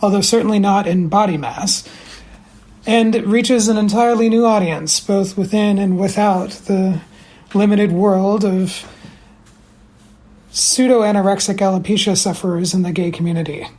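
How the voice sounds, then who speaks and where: A man delivering a recorded message in slow, deliberate, deadpan, mock-pompous sarcasm. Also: sits high. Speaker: former guest sending a recorded message.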